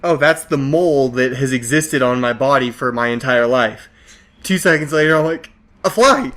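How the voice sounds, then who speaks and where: A man's voice: mid-range voice, moderate pace. A man co-hosting a podcast, telling stories in casual chat with frequent laughter and acted-out quotes. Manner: animated storyteller, laughs often, acts out quotes. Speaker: podcast co-host.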